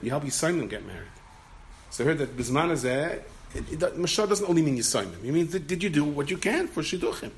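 A man, a rabbi, giving an animated Torah talk, telling a story and acting out the voices in it, with many Yiddish and Hebrew terms. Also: mid-range voice, slight background noise.

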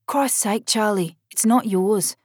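A woman reading the part of a blunt older sister on the phone, loud and chiding. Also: mid-range voice, slow pace, husky, dry recording, studio quality, pitched above the performer's own voice. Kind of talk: audiobook character voice.

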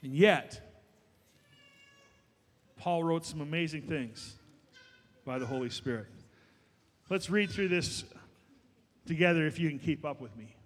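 A man's voice: fairly high pitch, unhurried, pauses often, long reverb tail, a little hiss or hum. A man preaching a sermon as pastor, emphatic and building to raised, passionate delivery.

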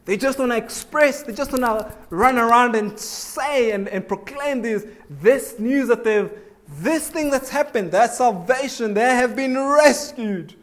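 Male preacher with a high voice, conversational sermon that draws in the congregation. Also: expressive, measured pace, fairly bright tone. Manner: conversational, asks the congregation questions, acts out little voices.

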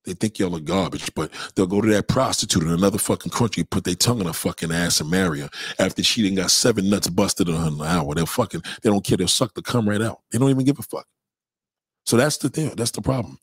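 Brief: low, husky male livestream host, heated and profane, dry close sound. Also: fast talker, no room sound. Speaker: livestream host reading chat. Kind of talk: casual livestream rant.

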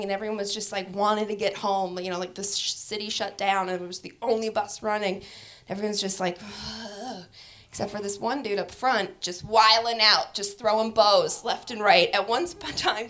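A woman's voice: mid-range voice, fairly bright tone. Brash young woman doing stand-up. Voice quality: brash, profane, laughing through lines. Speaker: stand-up comedian. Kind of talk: stand-up comedy set.

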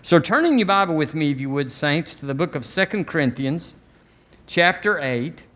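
Fervent preacher, slightly high voice. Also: male voice, expressive, moderate pace, fairly bright tone. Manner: fervent preaching with call-and-response. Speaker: pastor. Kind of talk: sermon. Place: church.

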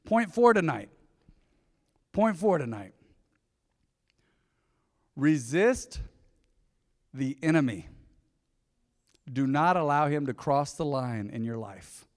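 A man's voice: a little high, animated, slow, long pauses. A male pastor preaching a sermon in a conversational way, often asking the congregation questions. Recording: long reverb of a large hall.

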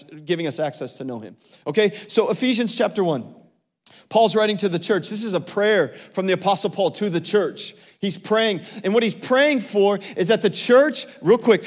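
High-voiced pastor preaching in an echoing hall. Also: male voice. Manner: calls to the congregation for responses, emphatic with frequent repeats. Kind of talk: sermon. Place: church sanctuary. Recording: long church hall reverb.

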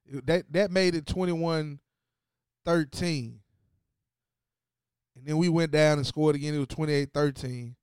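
A man hosting a sports show in a casual, profane, trash-talking rant, dropping low to read off numbers and jumping loud when he gets excited. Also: unhurried, pauses often, smooth, dry recording, studio quality. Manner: profane, trash-talking, repeats phrases for emphasis; swings between low stat-reading and loud excited outbursts. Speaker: sports podcast host.

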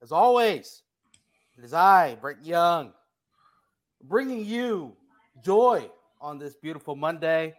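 A man's voice: fairly high pitch, animated, slow, long pauses. A man with a New Jersey accent hosting a casual sports podcast, upbeat and playful, working in sponsor plugs. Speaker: podcast host.

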